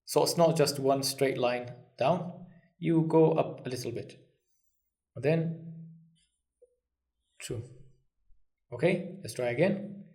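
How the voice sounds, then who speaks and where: A man's voice: medium pitch, slow pace, pauses often, a little mellow. A man teaching a language lesson, patient and reassuring, counting strokes aloud as he writes. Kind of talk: step-by-step lesson.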